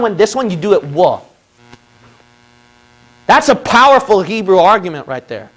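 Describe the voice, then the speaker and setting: A man from the Philippines lectures in a high, light voice. He argues his case step by step and keeps checking in with "okay?" after each point. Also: sing-song, normal speed. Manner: argumentative, repeats points with "okay?". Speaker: religious video presenter. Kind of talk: lecture on a whiteboard.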